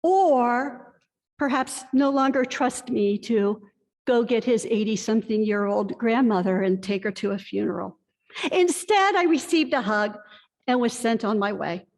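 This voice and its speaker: A woman pastor delivers a sermon at a slow, deliberate pace, her voice sitting a little high for a woman. Her words carry a long reverb from the church hall around her. She tells stories in an earnest, confessional way. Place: church sanctuary.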